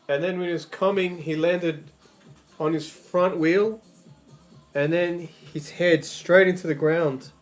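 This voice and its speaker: A man chatting casually on a livestream, his voice sitting a little high. He rambles, swears freely and trips over his words, restarting sentences. Faint music plays underneath. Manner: rambling and profane, with frequent stammered restarts.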